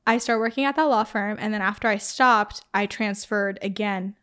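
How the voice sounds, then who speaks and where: A woman's voice: medium pitch, normal speed, a bit bright, smooth. A young woman from Iran, a podcast guest, talking casually and filling her sentences with "like.". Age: young adult. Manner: chatty, frequent "like" fillers. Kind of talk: casual interview.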